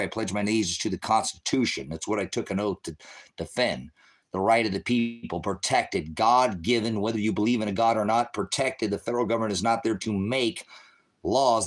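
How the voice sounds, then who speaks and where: A middle-aged man ranting on a livestream in a confrontational, sarcastic, preachy way, trading insults with viewers and calling them brothers and sisters. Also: on the low side. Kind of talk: heated livestream rant to viewers.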